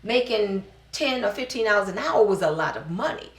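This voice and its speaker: A middle-aged woman from New Orleans, a business owner telling her personal story in an interview, animated and acting out the dialogue she quotes. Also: mid-range voice, brisk, recorded from a distance. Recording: echoey room.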